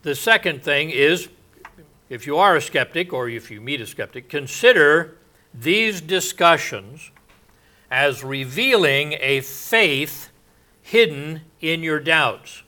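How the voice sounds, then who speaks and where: A man preaching a sermon in a slow, halting way, with many pauses and fillers. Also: on the high side, lively intonation, pushed and bright.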